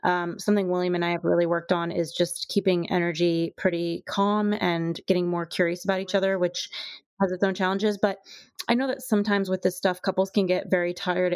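A woman hosting an interview, calm and reflective, asking questions and adding soft affirmations. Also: on the low side, no echo. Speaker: podcast host.

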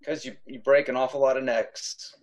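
A man's voice: medium pitch, steady tone, normal speed. A man playing a tabletop game, playful and speaking in character. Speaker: player.

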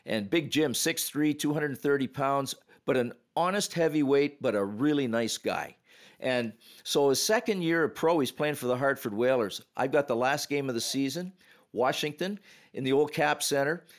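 Former referee, male, animated storyteller on a podcast, plays out the dialogue. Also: medium pitch, normal speed. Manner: animated storyteller, acts out quotes.

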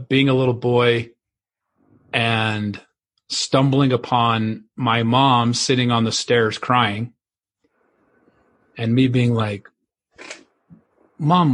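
Man, husky, mid pitch, casual podcast talk, halting, choked up. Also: fairly bright tone. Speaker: podcast co-host.

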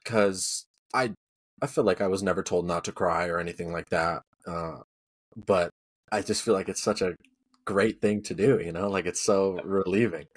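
A man's voice: sits low, fairly even intonation, normal speed. A man in casual podcast chat, talking earnestly and rambling, with lots of "you know.". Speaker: podcast co-host.

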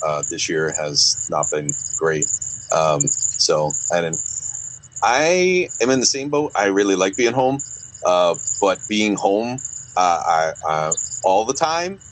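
A man hosting a podcast interview, asking questions in a laid-back, halting way with lots of fillers and laughs. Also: low voice, expressive, low-quality recording. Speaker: podcast host.

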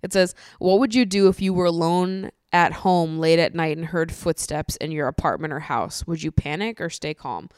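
A woman hosting a solo podcast, chatting casually with lots of swearing, laughter and animated ranting. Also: low-pitched, moderate pace, hardly any pauses, clean tone, no echo, clean studio sound. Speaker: podcast host.

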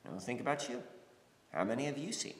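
A man's voice: mid-range voice, lively intonation, quick pace. A man from the United States giving a reflective spiritual talk, rambling with many fillers and restarts. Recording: echoey room with long reverb.

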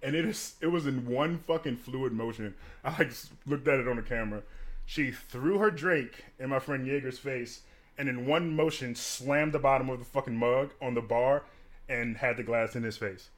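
A man and bartender telling stories in a casual chat, animated and profane, acting out what others said. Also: medium pitch, moderate pace. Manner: animated, profane, acts out quotes with big swings. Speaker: podcast co-host and bartender.

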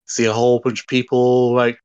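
A man co-hosting a casual podcast, talking through a story scene like camera directions, with halting restarts. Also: mid-range voice, completely flat delivery, a little mellow, clean tone, no echo, lo-fi sound. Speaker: podcast co-host.

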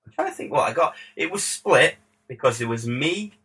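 A man, a music producer, tells a story in lively, casual chat, swearing freely and acting out what people said. His voice is bright and forward with a husky grain. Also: a little high, normal speed, rough recording. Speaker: music producer, podcast guest. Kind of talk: casual anecdote.

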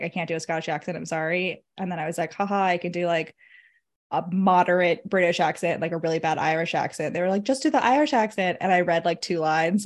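A young adult woman co-hosting a book podcast in a casual, chatty way, laughing often as she tells stories. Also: lowish voice. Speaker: podcast co-host. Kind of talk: casual chat.

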